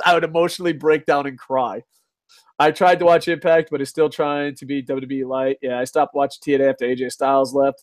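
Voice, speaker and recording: A man hosting a casual live stream, reading chat, swearing and ranting, laughing often. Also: fairly high pitch. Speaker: host.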